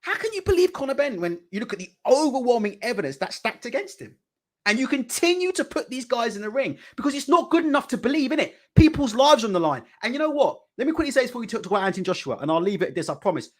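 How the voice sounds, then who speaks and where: Heated, swearing British boxing ranter. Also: male voice, very high-pitched, sing-song, fast talker. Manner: heated, profane, repetitive rhetorical questions. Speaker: boxing channel host. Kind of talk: ranting live commentary. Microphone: desk mic.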